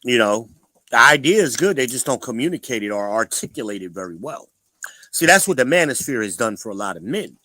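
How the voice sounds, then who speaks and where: A man's voice: medium pitch, bright, forceful tone, no room sound, low-quality recording. A man hosting a casual livestream, talking bluntly and preachily to the viewers in the chat. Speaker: livestream host.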